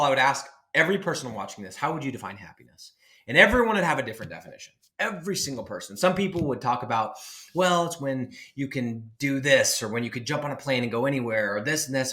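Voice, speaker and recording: A man's voice: medium pitch, sharp tone. A man in his thirties giving an emphatic, rambling motivational talk to camera, with many restarts. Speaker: online business coach.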